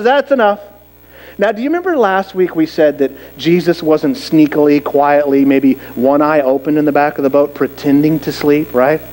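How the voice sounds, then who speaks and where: A man preaching a sermon as pastor, lively and dramatic, acting out quoted voices and asking rhetorical questions. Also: high-pitched, low-quality recording.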